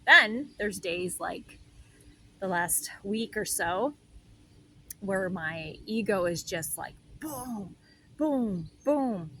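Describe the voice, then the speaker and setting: A woman hosting a reflective inspirational talk as a spiritual healer, soft, meandering and heartfelt. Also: mid-range voice, takes it slowly, long pauses, slight background noise, low-quality recording.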